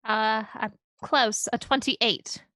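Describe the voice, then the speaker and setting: A woman's voice: on the high side, steady tone, slow, sharp tone, no echo. Woman playing a tabletop game, dry close mic. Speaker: player. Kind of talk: in-character tabletop play.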